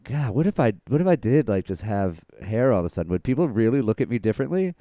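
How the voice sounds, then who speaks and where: A man's voice: medium pitch, big pitch swings, fast, dark tone, dry recording, studio quality. A young man co-hosting a casual podcast, telling rambling stories and answering earnestly, with easy laughter. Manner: rambling storyteller, earnest, reassuring, laughs easily. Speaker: podcast co-host. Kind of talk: casual chat.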